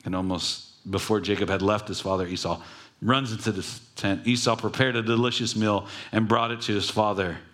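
A man delivers a sermon like a relaxed retelling, dropping jokey asides. His voice sits a little low. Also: brisk. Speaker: preacher. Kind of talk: casual sermon storytelling.

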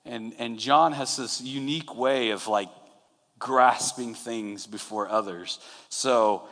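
A man preaching a sermon in a relaxed, conversational way, retelling scenes and acting out quotes. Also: mid-range voice, slow pace. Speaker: pastor. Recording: long hall reverb.

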